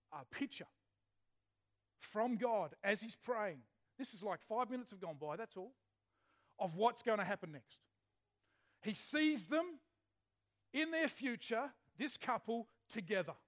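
A male preacher with a notably high voice gives a relaxed, conversational sermon. He keeps turning questions back to his congregation as he tells a story. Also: unhurried, long pauses. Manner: chatty, asks the congregation questions. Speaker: pastor.

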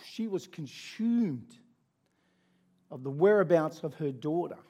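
A man preaching, retelling a story in a conversational, animated way with asides to listeners. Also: a little high, slow pace. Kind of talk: sermon storytelling.

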